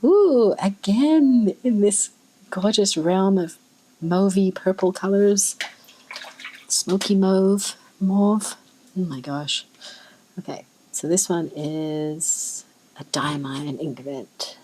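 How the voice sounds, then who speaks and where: A woman with an Australian accent, chatting casually and thinking aloud as she swatches fountain pen inks, with soft musing exclamations. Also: on the low side, slow pace, slight background noise, poor audio. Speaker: ink swatching vlogger. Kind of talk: casual chat while swatching.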